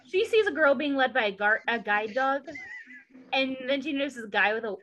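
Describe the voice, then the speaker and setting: A woman's voice: high voice, a little fast, lo-fi sound, slight background noise. Sarcastic woman with a Southern accent. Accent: Southern American. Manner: sarcastic, animated storytelling with impressions. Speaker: podcast co-host. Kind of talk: casual recap chat.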